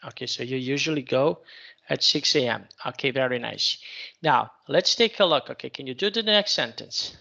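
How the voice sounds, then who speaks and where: A male teacher runs an online English lesson in a bright, gravelly voice, patiently restating every question until the student can answer. The sound is dull and lo-fi, like a call recording. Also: medium pitch, moderate pace. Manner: patient, repeats and rephrases questions.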